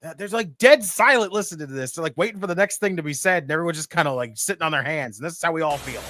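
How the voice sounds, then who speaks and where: A man hosting a casual wrestling watch-party stream, excitable, joking and swearing often. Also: a little high, racing, dry recording. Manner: profane, excitable, jokey. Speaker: podcast host.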